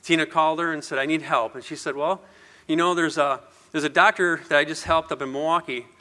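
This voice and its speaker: A man's voice: a little high, steady tone, brisk, bright, forceful tone. A middle-aged man giving an earnest motivational speech, telling a personal story and asking the audience rhetorical questions. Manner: earnest, rhetorical questions, repeats words when emotional. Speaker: motivational speaker.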